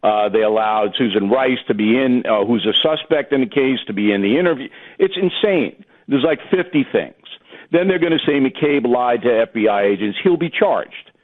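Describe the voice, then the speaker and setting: A man's voice: mid-range voice, animated, normal speed. A man talking as a guest political commentator on talk radio, blunt and emphatic. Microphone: phone. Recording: tinny phone line.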